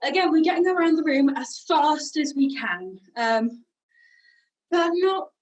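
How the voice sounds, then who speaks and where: A woman with a British accent leads a group warm-up game over a video call, moving around the room and slightly out of breath as she gives instructions. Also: sits high, lively intonation, measured pace, highs cut off. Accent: British English. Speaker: singing workshop leader. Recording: voice from a distance from the mic.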